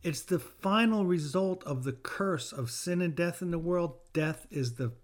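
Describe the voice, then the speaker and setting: A man's voice: fairly high pitch, unhurried. A middle-aged man hosting a podcast, giving a heartfelt scripture teaching in an earnest way and repeating phrases for emphasis. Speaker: podcast host and bereaved father.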